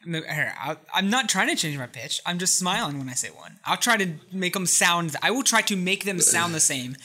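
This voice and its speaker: A podcast co-host in casual chat, excitable and rambling, laughing often. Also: medium pitch, moderate pace.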